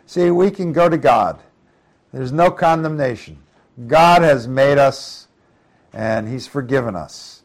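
Speaking slowly in a mid-range voice, this middle-aged preacher reads scripture aloud at a Bible study. He then unpacks the verses conversationally and asks his listeners questions.

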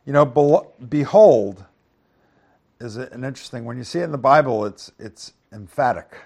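A man's voice: quick pace, gravelly. A man teaching through Bible verses, reading scripture aloud and then explaining it in an easygoing, conversational way, often checking in with the listeners. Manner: reads scripture louder, then explains in a low conversational aside; asks the listeners "right?" and "okay?". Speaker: preacher.

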